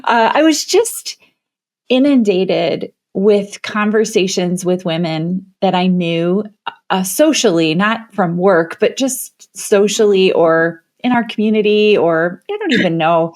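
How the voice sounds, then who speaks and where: Animated middle-aged woman telling her story. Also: medium pitch, unhurried. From Chicago area, US. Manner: animated storytelling, acts out quoted voices. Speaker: guest, women's leadership coach. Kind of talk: conversational interview storytelling.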